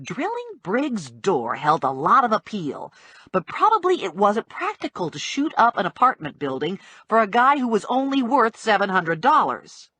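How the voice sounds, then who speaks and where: A woman reading a first-person audiobook in a wry, brisk storytelling manner, on a close studio mic. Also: medium pitch, wildly swooping pitch, fairly bright tone, breathy edge, dry recording. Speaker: audiobook narrator.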